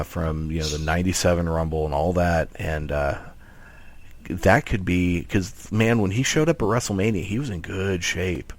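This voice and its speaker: A man co-hosting a wrestling podcast, talking casually and rambling with lots of restarts. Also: low-pitched. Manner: rambling, animated, many restarts. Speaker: podcast co-host. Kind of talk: casual chat.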